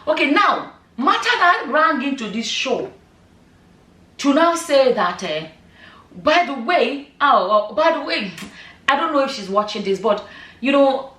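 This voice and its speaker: A middle-aged woman vlogger offers casual commentary, emphatic and full of rhetorical questions and "you know" asides. Her high voice is sing-song, a little slow, and sharp. The room echoes and she sits a bit far from the mic.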